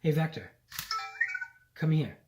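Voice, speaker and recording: A man's voice: fairly high pitch, expressive, slow, warm tone. A man vlogging at a home countertop, coaxing and chatting to a little robot as if it were a pet. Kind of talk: casual vlog, talking to a toy robot.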